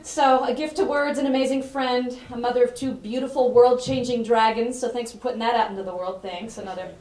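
A woman's voice: fairly high pitch, steady tone, a little fast, a little mellow. A woman giving a heartfelt introduction speech for an author at a bookstore event, chatty and effusive, laughing often as she talks. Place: bookstore event room with an audience. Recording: roomy hall, voice picked up from a distance, faint ambience.

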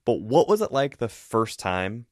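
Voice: mid-range voice, sing-song, measured pace, no room sound, studio quality. A podcast host interviewing a guest, encouraging with short replies and asking questions. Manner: encouraging, frequent short backchannels. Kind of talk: casual interview.

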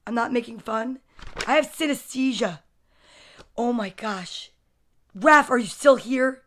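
A woman's voice: fairly high pitch, a little slow, slight background noise. A woman hosting a casual storytime livestream, chatty and gushing, greeting viewers by name between books. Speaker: storytime host. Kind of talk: casual livestream book reading.

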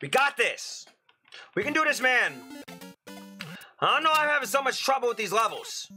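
A young man giving excitable gameplay commentary as a channel host, breaking into loud frustrated outbursts and crude jokes. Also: extremely high pitch, moderate pace, faint music behind.

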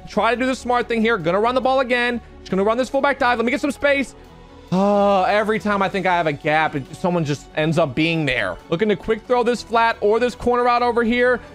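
A young man giving live commentary over his own football video game match, talking to himself and the viewers, his voice jumping up when something goes wrong. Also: very high voice. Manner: excitable, talks to himself while playing, voice jumps up when outraged. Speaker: gaming video creator.

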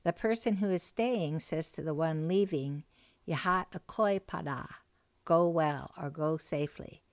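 A woman teaching a recorded language lesson, speaking slowly and patiently and repeating key words with care. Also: low voice, darkish tone, no room sound. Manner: slow, careful, patient delivery with repeated phrases.

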